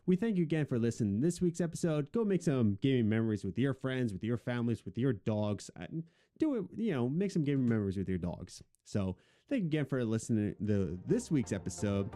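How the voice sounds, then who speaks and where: A man's voice: mid-range voice, sing-song, a little fast, dark tone. A young adult man co-hosting a podcast in casual, rambling chat, with a jokey, self-mocking way of talking. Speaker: podcast co-host.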